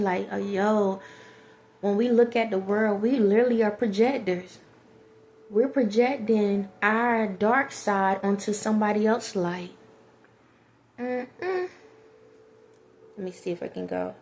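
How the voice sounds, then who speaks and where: A woman's voice: medium pitch, a little mellow, a little hiss or hum. A woman, talking casually to her viewers in a rhetorical monologue and often laughing at her own jokes. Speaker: vlogger.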